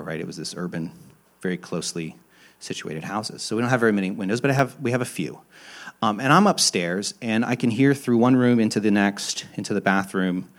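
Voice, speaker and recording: A young adult man, a pastor, preaching a sermon in a candid, self-deprecating storytelling manner, with frequent restarts, moving between emphatic rises and quiet, low asides.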